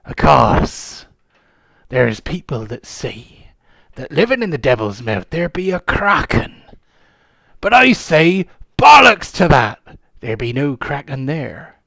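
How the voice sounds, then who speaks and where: A man's voice: a little high, very animated, slow pace, gravelly, pushed and bright, no room sound, heavily acted. A man, the game master, voicing a kneeless old male pirate sea dog who philosophises in a growling pirate voice. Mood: ominous. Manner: growling pirate voice with "arr" and "there be".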